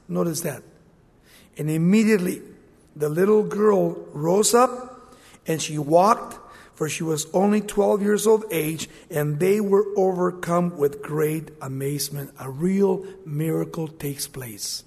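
Man preaching, animated, dramatizes scripture, long reverb. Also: high voice, a little slow, breathy edge. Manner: animated, acts out Bible scenes in quoted voices. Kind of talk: sermon.

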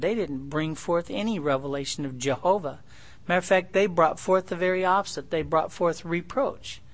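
A man's voice: a little high, fairly bright tone. A middle-aged man, a pastor, teaching through a Bible passage verse by verse in a folksy, conversational way, tossing rhetorical questions to his listeners.

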